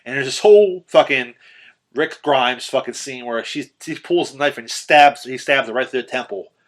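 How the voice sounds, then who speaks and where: Retelling how a horror movie ends, this male podcast host gets animated, cursing often and filling his casual recap with ums and false starts. His pitch is medium and his pace moderate.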